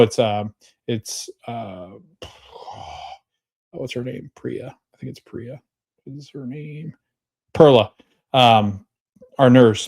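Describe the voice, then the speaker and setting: A man hosting a podcast, casually recapping a TV episode with many fillers, pauses and self-corrections. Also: medium pitch, darkish tone. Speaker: podcast host.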